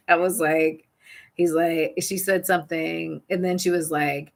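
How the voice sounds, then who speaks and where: A woman's voice: low voice, level tone, unhurried, creaky. A young adult woman and parent coach, candidly telling a personal parenting story with small restarts.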